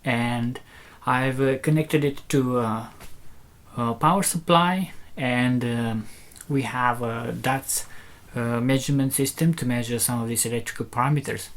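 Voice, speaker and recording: A man with a medium-pitched voice talks a little slowly as he demonstrates a driver from his loudspeaker business. It's a casual technical walkthrough, given step by step with hesitation, fillers, and restarts.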